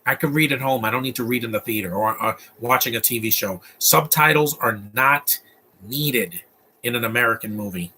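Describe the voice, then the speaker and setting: A man's voice: medium pitch, moderate pace, sharp tone, a little hiss or hum. A man giving casual, opinionated live commentary while watching a movie, rambling through asides and restarts.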